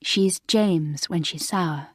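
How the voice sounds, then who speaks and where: A sweet, gentle, people-pleasing schoolgirl from a storybook, as a woman narrator puts her on. The voice stays near the reader's own low pitch and speaks softly and kindly. It is dry and close. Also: takes it slowly, no echo.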